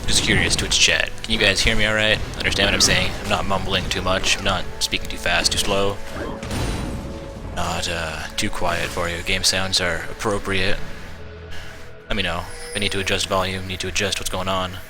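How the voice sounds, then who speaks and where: A man's voice: low voice, flat delivery, normal speed. A man giving casual live commentary on a video game match for a stream, chatty and often correcting himself. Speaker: esports commentator. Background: game music.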